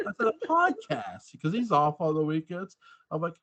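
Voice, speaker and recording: A man hosting a casual podcast over a remote call, animated and laughing, swearing casually as he tells stories. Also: on the high side, normal speed. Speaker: podcast host.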